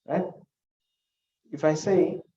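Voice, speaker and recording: A man's voice: fairly high pitch, fairly even intonation, takes it slowly, dark tone, echoey room, far from the mic, muffled recording. A male teacher gives a classroom lecture, explaining with examples and putting questions to his students.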